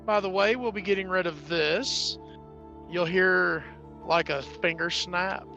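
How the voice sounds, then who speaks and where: A man playing a tabletop game who takes over as villain, gloating slowly. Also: high-pitched, fairly even intonation, gravelly, pushed and bright, highs cut off, soft background music. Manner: slow, gloating delivery. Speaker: player taking over as villain. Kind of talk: tabletop role-play.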